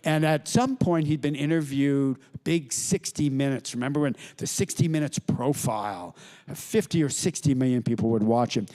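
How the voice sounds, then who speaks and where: A middle-aged man, an author, telling anecdotes to a live audience, with halting restarts and quoted voices. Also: mid-range voice, dark tone. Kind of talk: storytelling talk to an audience. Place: lecture hall with audience.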